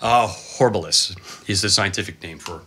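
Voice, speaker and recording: A man in his fifties, a cameraman guest telling animated, excitable stories full of exclamations. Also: low voice, normal speed. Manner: excitable, dramatic storyteller with exclamations and laughs.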